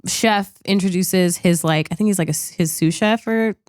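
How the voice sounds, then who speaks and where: A woman talks casually on a podcast, rambling with plenty of "like" and the odd swear. Her voice is smooth and clear, pitched on the low side. The sound is dry and close, with no room around it. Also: normal speed, no echo. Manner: chatty, animated, peppered with "like" and swearing. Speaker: podcast co-host. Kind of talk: casual movie review chat.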